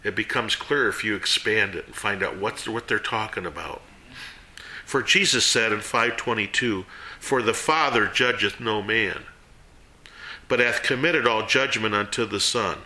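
A man giving a casual sermon to a small group, folksy and animated, jumping between loud and hushed. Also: fairly low pitch, unhurried, echoey room. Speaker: Bible teacher.

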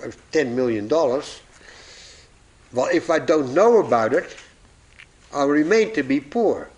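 A man preaching a sermon, telling illustrations and acting out the voices in his stories, chuckling at his own jokes. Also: fairly high pitch.

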